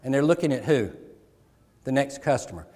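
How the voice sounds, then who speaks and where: A man's voice: medium pitch, normal speed. A middle-aged man giving a motivational keynote, telling stories and acting out dialogue with the audience on stage. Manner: animated, acts out dialogue with audience. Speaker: keynote speaker. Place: large conference hall on stage. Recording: live hall with long reverb.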